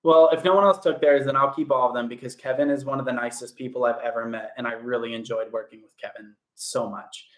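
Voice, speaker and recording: Speaking fast with few pauses, this young actor keeps a steady tone and a medium pitch as he runs a casual livestream. He greets viewers by name cheerfully and responds to their comments. The echo of an indoor home room carries through the audio.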